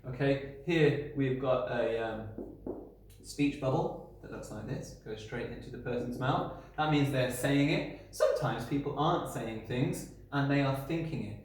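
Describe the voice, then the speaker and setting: A man's voice: mid-range voice, unhurried. A man teaching young children in a recorded lesson. He talks in a friendly, encouraging way, explains step by step as he draws and often checks in with "okay?". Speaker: primary school teacher. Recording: very echoey room.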